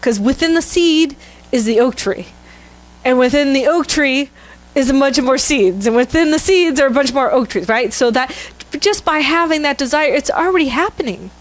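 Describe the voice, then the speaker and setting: A middle-aged woman minister giving a sermon, telling a candid, self-mocking story with laughter to her congregation. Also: high voice. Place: church sanctuary.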